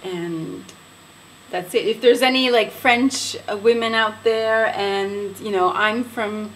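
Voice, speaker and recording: Slow, unhurried woman beauty vlogger. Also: medium pitch, fairly even intonation, a bit bright, slight background noise, poor audio. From Quebec, Canada. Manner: unhurried, careful, elegant pronunciation. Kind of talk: casual vlog talk to camera.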